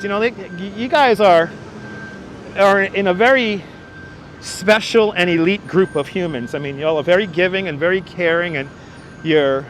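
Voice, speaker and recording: A man's voice: high-pitched, a bit bright, a little hiss or hum. A man hosting a walking livestream on city streets, thanking viewers over and over in an effusive way. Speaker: livestream host. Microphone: wireless clip-on mic.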